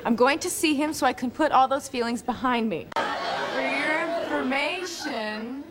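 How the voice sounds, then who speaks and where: A woman's voice: high-pitched, measured pace, a loud crowd, heavy background noise. An actress playing a young woman in a sitcom, defensively explaining herself. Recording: sitcom clip with loud laugh track.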